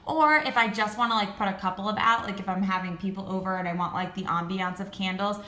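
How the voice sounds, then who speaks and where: Gushing young woman, bright echoey voice. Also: medium pitch, fast. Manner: gushing, excitable, heavy "like" filler. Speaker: beauty and candle vlogger. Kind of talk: casual product review.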